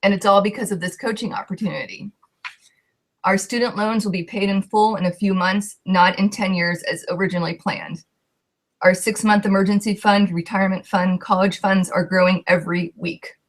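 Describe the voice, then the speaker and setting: A woman's voice: medium pitch, steady tone, normal speed. A young woman, a coach, telling her personal story with heartfelt emotion and a voice that shakes at times.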